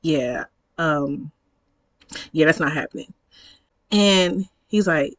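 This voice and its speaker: A woman's voice: deep voice, slow pace, pauses often, no echo, poor audio. Thirties woman, casual storytime vlogger, slangy and chatty, dry close-up sound. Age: 30s. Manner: chatty, slangy, reenacts dialogue, laughs often.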